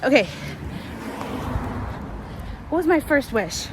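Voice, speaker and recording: As she walks a city street, a high-voiced woman vlogger tells a long personal story, animated yet slow-paced. Loud street noise surrounds her, and her chatty, rambling talk is full of ums and restarts.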